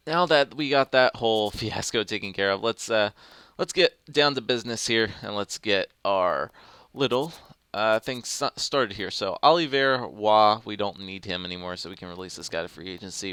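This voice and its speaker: Young guy talking thru a hockey game, kinda low voice, dry no room sound, rambles a lot. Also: pushed and bright, smooth, dry recording. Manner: thinking aloud, rambling with fillers. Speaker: gaming commentator. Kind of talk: casual gameplay commentary.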